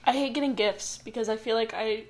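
A woman's voice: fairly high pitch, fairly even intonation, a little fast, darkish tone. A young woman in a casual chat with friends, wry and self-deprecating.

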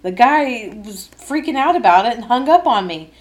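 A young adult woman hosting a casual podcast. She tells stories in a lively way and often laughs. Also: a little high, moderate pace. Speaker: podcast host.

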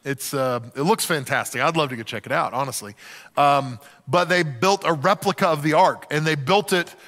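A man's voice: on the high side, moderate pace, a bit bright. A middle-aged man preaching a sermon in a church, candid and conversational, with frequent jokes. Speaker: pastor. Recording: long reverb in a church hall.

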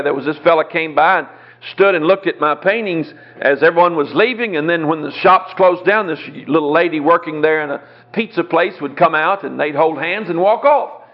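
A middle-aged man, a Bible teacher telling a folksy story in a sermon, chuckling as he acts out the dialogue. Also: on the high side. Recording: dull lo-fi recording.

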